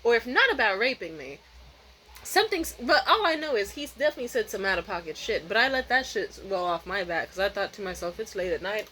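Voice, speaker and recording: A woman's voice: medium pitch, big pitch swings, fast talker, pushed and bright, slight background noise, rough recording. A woman vlogger telling a rambling, profane, candid story in a casual way, often restarting her sentences.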